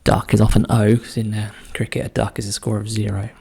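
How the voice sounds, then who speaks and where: Male solver, dark husky voice, musing aloud and whispering clues to himself as he works. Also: lowish voice, level tone. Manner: muses slowly, often muttering clues under his breath. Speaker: crossword solver. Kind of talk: thinking aloud while solving a puzzle.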